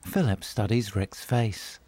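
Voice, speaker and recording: A man giving audio description in scripted narration, with a neutral, even delivery. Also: fairly low pitch, takes it slowly, a little hiss or hum.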